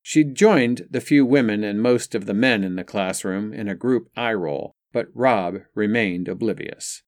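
A man narrating an audiobook in a steady, even reading style. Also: on the low side, a little slow, few pauses, no echo, clean studio sound.

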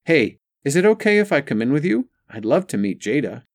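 A man's voice: on the high side, sing-song, brisk, no echo, studio quality, voice pushed up. An audiobook narrator, a man, voicing an earnest young woman student in a story, asking eager questions.

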